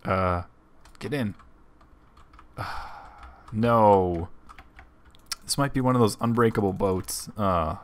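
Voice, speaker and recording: Low-voiced man rambling over gameplay. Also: slow pace, long pauses. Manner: rambling, thinking aloud with many ums. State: hiccups. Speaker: let's play host. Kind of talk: casual gameplay commentary.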